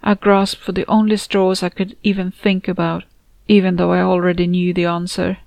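A woman reading her own story aloud in a measured, steady storytelling voice. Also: lowish voice, creaky, no room sound. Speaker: author and narrator. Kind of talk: audiobook narration.

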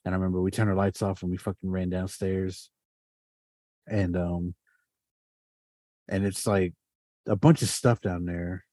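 A man's voice: deep voice, unhurried, long pauses, no echo. A man hosting a podcast, telling a story casually with lots of fillers and swearing. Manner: animated, swears often, heavy fillers. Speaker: podcast host.

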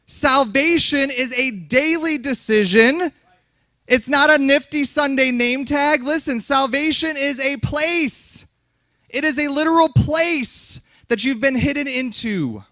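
A man preaching a fiery sermon at a youth conference, yelling hard and then dropping to soft, close asides. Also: extremely high pitch, a little slow, dry recording.

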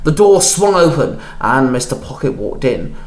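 A man narrating a fan fiction story in a brisk, plain reading voice. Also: mid-range voice, very animated, echoey room.

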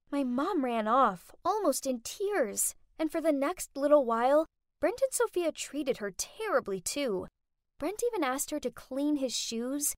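A woman's voice: sits high, lively intonation, measured pace, no room sound, studio quality. A woman narrating a first-person story in a dramatic, gushing way.

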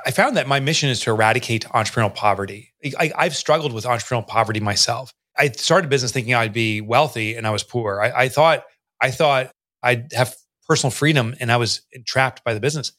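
A man's voice: mid-range voice, fast. Middle-aged man telling his story. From United States. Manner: animated storyteller, acting out quoted voices. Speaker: guest, business author. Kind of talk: conversational storytelling.

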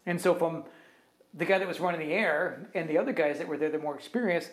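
Guy with a higher voice telling a story on a podcast, rambly, keeps going "right?". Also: fairly quick. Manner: animated, acts out other people's quotes; rambling with fillers like "right?" and "kind of thing". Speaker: podcast co-host. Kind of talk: casual storytelling chat.

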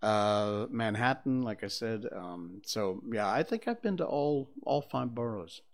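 A man's voice: on the low side, lively intonation, unhurried. Older man rambling as a talk host. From Connecticut. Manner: conversational, digressive, with many fillers. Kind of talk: rambling opinionated monologue. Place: studio.

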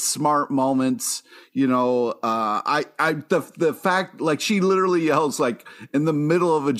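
A man's voice: medium pitch, a bit bright. Enthusiastic male podcast co-host. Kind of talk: casual podcast discussion.

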